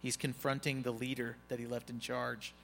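Animated preaching man in a reverberant hall. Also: medium pitch, moderate pace, vocal fry. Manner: animated, joking asides to the congregation. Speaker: pastor. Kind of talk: conversational sermon. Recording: long reverb, faint music behind.

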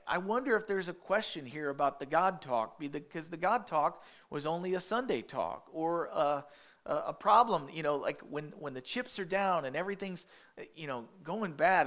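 A man's voice: high-pitched, expressive, unhurried, a bit bright. A man preaching a sermon in a conversational way, acting out quotes and often restarting his words, with asides about parenting toddlers. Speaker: pastor.

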